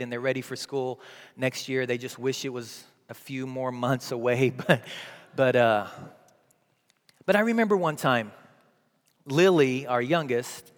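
A man in his thirties preaching a sermon as a pastor, telling a family story and moving between hushed softness and loud, pleading prayer. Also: on the high side, in a large hall.

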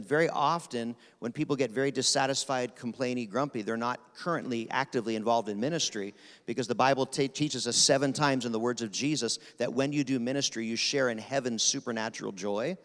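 Rapid-fire preacher in a reverberant hall. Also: male voice, medium pitch. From Pennsylvania. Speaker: guest preacher. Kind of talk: sermon. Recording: long reverb of a large hall.

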